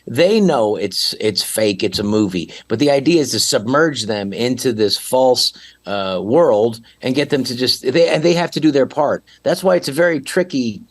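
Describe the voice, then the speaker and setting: A man's voice: medium pitch, animated, normal speed. Man guest explaining his acting craft. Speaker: guest actor. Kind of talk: casual chat.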